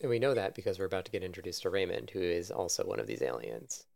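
A man co-hosts a casual chat, joking and laughing as he talks. His voice has a gravelly fry running through it. The sound is dry and close, with no room around it. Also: low voice, big pitch swings, fast, darkish tone, no echo. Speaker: podcast co-host. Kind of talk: casual chat about anime.

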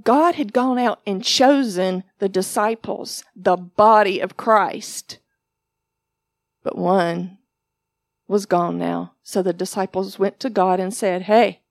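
A woman teaching a sermon, telling her testimony in an animated storytelling way and acting out other people's voices. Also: fairly low pitch, creaky, dry recording. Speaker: ministry teacher.

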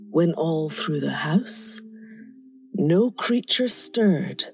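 A woman narrating a darkly comic rhyming story in a theatrical, expressive performance. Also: fairly low pitch.

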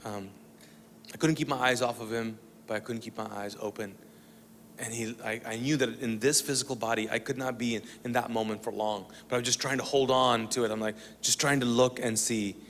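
A man telling a personal testimony to an audience, animated and comic as he acts out the dialogue. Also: medium pitch, brisk, long reverb tail, slight background noise. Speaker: speaker sharing a testimony.

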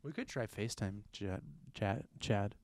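A young American man hosting a casual podcast, telling rambling, animated stories. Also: lowish voice, measured pace, no echo. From United States. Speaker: podcast host.

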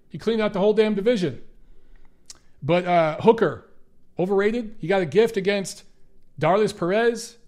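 Chatty high-voiced male host. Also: darkish tone. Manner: blunt, profane, chatty. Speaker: boxing show host. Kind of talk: casual commentary with viewer Q&A.

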